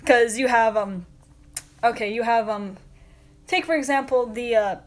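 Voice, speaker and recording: Her voice fairly high and her delivery a little slow, a woman hosts a relaxed livestream. She rambles while chatting with viewers, leaning on lots of fillers and laughing often.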